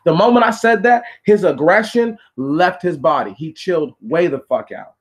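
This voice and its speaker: A man's voice: on the high side, expressive, brisk, few pauses. A man telling a story from his own life in a blunt, profane, casual monologue full of slang.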